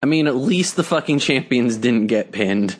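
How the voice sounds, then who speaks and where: Husky, blunt wisecracking man. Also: medium pitch, expressive, moderate pace. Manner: blunt, swears freely, wisecracking interjections. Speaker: podcast co-host. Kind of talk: casual chat.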